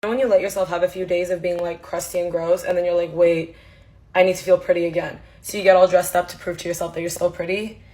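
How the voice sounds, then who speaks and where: A woman's voice: on the low side, flat delivery, fast talker, mellow. A woman in her twenties talking casually to the camera in a vlog, candid and chatty, swearing freely and acting out her own reactions. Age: 20s. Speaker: social media creator.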